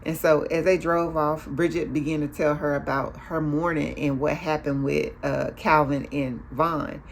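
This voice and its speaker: A woman's voice: low voice, steady tone, moderate pace, gravelly, slight background noise. A woman hosting a casual recap of a TV show, chatty, acting out the characters' lines as she goes.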